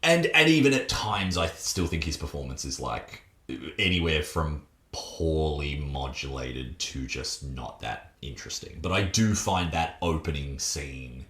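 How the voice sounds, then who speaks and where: A low-pitched man co-hosts a casual film review, talking in animated, digressive bursts with quick asides and swearing. The sound is roomy, with a clear echo around him. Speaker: film podcast co-host.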